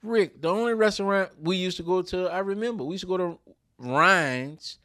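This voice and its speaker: A man talks in a relaxed podcast conversation, his voice a little higher than most men's. He builds his points through personal stories and hits the key words hard. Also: normal speed. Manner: storytelling, emphatic, Southern vernacular. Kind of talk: casual conversation.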